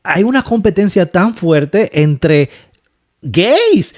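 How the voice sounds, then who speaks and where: A man's voice: high voice, very animated, takes it slowly, darkish tone. A man co-hosting a casual podcast chat, asking questions and switching between English and Spanish. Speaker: podcast co-host.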